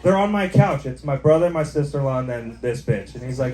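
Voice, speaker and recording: A young man with a medium-pitched, animated voice does a stand-up set in a bar, talking a little fast. He rambles casually, tossing in plenty of "like" and "right?" while the live crowd murmurs. The recording is echoey, with background noise from the bar.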